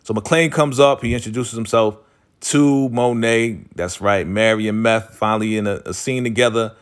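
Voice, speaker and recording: A man with a fairly low voice retells a TV drama episode in a loose, chatty way. He is slangy and animated, acting out what the characters say. His speech is full of "you know" and "like". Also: moderate pace, clear, resonant tone. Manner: animated, slangy storytelling, acts out quoted lines; frequent "you know" and "like" fillers. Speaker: TV episode recap host. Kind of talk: casual TV recap commentary.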